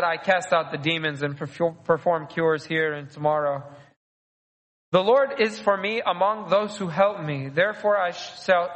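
High-voiced man preaching in an echoing church. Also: fairly bright tone. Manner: conversational, repeats and restarts phrases. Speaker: priest. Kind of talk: sermon.

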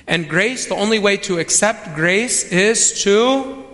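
A man's voice: sits high, lively intonation, slow pace, bright, forceful tone. A man preaching a sermon, emphatic and repeating key phrases for weight. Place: church. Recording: long reverb of a church hall.

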